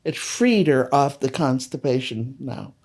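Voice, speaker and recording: Older woman guest, mellow warm voice, earnest measured storyteller. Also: rumbling low, animated. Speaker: holistic health practitioner guest. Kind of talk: casual interview talk.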